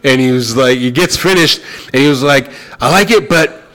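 A young adult man telling a story in casual chat, animated and swearing, acting out the other people's lines. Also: medium pitch, normal speed.

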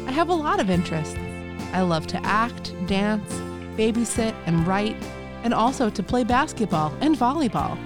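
A woman's voice: medium pitch, close to an everyday voice. A woman reading as an earnest young girl fan. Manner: dramatic letter reading.

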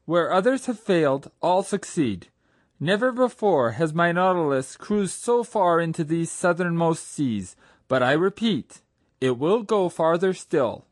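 A man voicing a proud, daring submarine captain who speaks calmly, ironically and with command, in an audiobook. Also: a little high, measured pace, no echo, studio quality. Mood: serene. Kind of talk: audiobook character reading.

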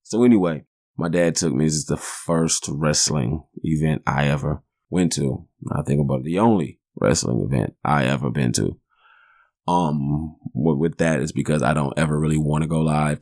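Deep gravelly man telling stories. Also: darkish tone, no echo, studio quality. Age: 40s. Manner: rambling, profane, laid-back. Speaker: podcast host. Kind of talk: casual storytelling monologue.

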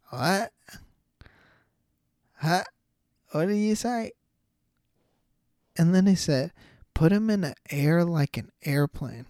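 A young man hosting a casual combat sports podcast, animated and incredulous, swearing freely. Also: on the high side, slow, long pauses, no echo, clean studio sound. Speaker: podcast host.

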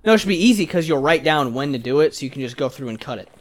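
Young male co-host, drunk, crude, jokey, very lively intonation. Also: fairly high pitch, rapid-fire. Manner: crude, joking, argumentative. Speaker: podcast co-host. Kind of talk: casual chat.

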